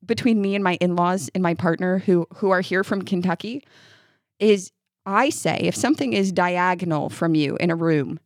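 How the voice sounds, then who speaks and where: A woman from New York co-hosting a casual chat, animated and laughing often as she puts on the voices of people she quotes. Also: fairly low pitch, moderate pace, no room sound, clean studio sound. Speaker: podcast co-host.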